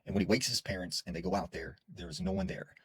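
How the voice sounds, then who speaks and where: A man's voice: sits low, quick pace, fairly bright tone, husky, no room sound, low-quality recording. A man casually telling a spooky story in a chatty way, dropping filler words as he goes. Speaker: horror storyteller.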